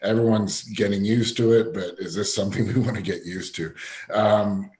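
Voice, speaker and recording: A man who owns a restaurant, speaking at a meeting in a measured, weary way. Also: on the low side, fairly even intonation, darkish tone. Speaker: restaurant owner. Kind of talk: meeting remarks. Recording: echoey room.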